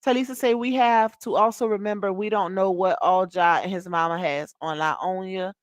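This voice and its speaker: On a gossip livestream, a woman reads out viewers' comments and responds, talking in a chatty, emphatic way, saying things more than once and addressing people as "y'all" and "child." Her mid-range voice holds a steady tone at normal speed, captured in a clean, echo-free studio.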